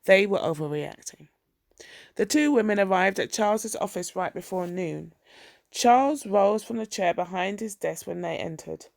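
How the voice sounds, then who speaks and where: Gravelly woman audiobook narrator. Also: mid-range voice, moderate pace, darkish tone, no echo, studio quality. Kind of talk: scripted narration.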